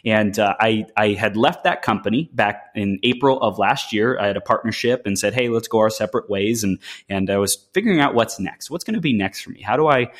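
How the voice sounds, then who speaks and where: A man, a men's coach and podcaster, telling his story as an interview guest with enthusiasm and quick restarts. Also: lowish voice. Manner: enthusiastic, fast-talking, with frequent restarts.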